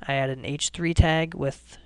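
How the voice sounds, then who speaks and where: A man hosting a screencast programming lesson, explaining each step in a relaxed way and often restarting his sentences. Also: a little high, a little slow, clear, resonant tone, no room sound. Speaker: coding tutorial host.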